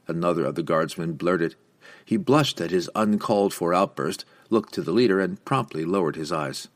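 A man narrating a fantasy novel as an audiobook, with expressive storytelling. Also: deep voice, normal speed. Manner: expressive storytelling with lively inflection.

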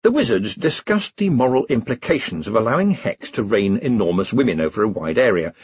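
A man narrating an audiobook with an expressive, dry-humoured delivery. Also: on the low side, fairly quick, husky, no room sound. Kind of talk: audiobook reading. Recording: dull lo-fi dry recording.

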